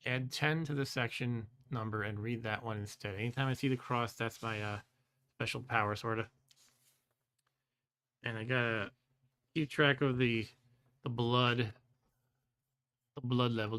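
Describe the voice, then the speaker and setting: A man in his forties hosting a live stream and reading a gamebook aloud in his own voice. He talks in a relaxed, chatty way, chuckles often and stumbles over foreign words. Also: medium pitch, moderate pace, pauses often. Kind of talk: casual live-stream chat and read-aloud.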